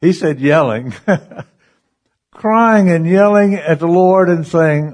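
A man preaching a sermon through a story, animated and chuckling between lines as he acts out the voices. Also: on the high side, takes it slowly.

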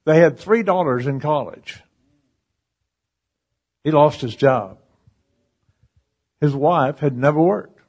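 A man preaching a sermon through a story, animated and chuckling between lines as he acts out the voices. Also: on the high side, slow, pauses often, slightly rough.

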